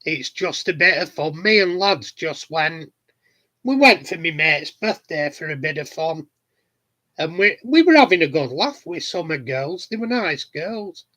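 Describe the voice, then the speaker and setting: A middle-aged Yorkshire man with a fairly high, bright voice chats to his viewers in a slow, unhurried way. He tells cheeky, plain-spoken anecdotes in a casual manner. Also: lively intonation. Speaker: hobbyist vlogger answering viewers. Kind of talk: casual chat. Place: home garden shed.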